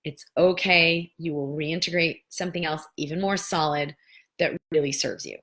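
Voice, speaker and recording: A woman in her thirties answering viewer questions in a casual spiritual coaching talk, animated and playing out the voices of doubters. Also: low voice, moderate pace.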